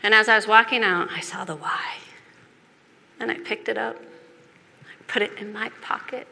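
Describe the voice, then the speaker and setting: A woman's voice: fairly high pitch, little pitch movement, a little fast, creaky, pushed and bright. Earnest woman preaching in an echoing hall. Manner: earnest, confessional, with emphatic repetition. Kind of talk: personal testimony sermon. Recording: reverberant hall with faint background noise.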